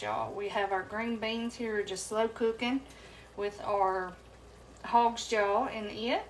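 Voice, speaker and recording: A woman's voice: medium pitch, noisy background. Woman, casual cooking host, talks to viewers as y'all, echoey kitchen, food sizzling behind. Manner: chatty, addresses viewers as y'all. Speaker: home cooking show host. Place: home kitchen. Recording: echoey kitchen, mic from a distance. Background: sizzling and frying on the stove.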